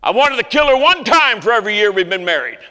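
A preacher voicing a rough, blunt older man who shouts across a crowded room, loud and gruff. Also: high-pitched, very animated, fast, in a large hall, voice pushed up, exaggerated voice.

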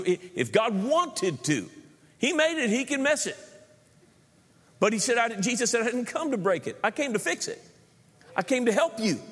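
High-voiced preacher in a reverberant hall. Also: male voice. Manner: repeats words while building points, jokes with the congregation. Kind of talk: sermon with humor. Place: large church hall.

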